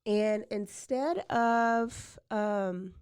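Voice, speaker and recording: Woman host, mid-pitched, telling crime stories in a loose, chatty way; dry, close recording. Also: extremely slow, darkish tone, clear, resonant tone, no room sound. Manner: chatty, fills with "like" often. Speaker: podcast host. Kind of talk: casual true-crime storytelling.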